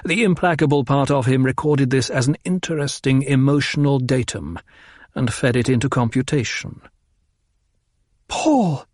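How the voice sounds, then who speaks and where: A man reading a novel aloud as an audiobook narrator in a measured, calm delivery. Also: mid-range voice, no room sound, studio quality. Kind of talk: scripted narration.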